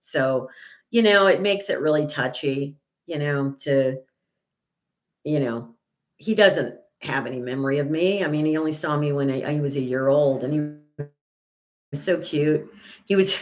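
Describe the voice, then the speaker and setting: A woman's voice: unhurried, pauses often. An older woman hosting a casual livestream, chatty and rambling with many restarts and fillers. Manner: indignant, gets loud and high when retelling an argument. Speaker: channel host.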